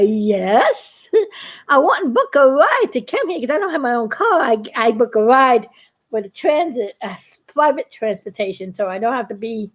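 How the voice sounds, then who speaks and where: A woman chatting casually to her viewers, telling a story and laughing often. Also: a little high. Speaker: YouTube cartoon maker.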